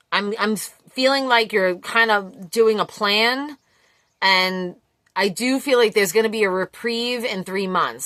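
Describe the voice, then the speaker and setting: Blunt, bright-voiced woman reading tarot. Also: medium pitch, dry recording. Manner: blunt, swears freely, laughs often. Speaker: tarot reader. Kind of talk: casual collective tarot reading.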